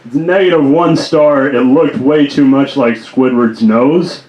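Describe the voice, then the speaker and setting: A man doing improvised stand-up in a small comedy club, halting and laughing at his own jokes. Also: medium pitch, darkish tone, highs cut off. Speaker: stand-up comic. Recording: roomy club.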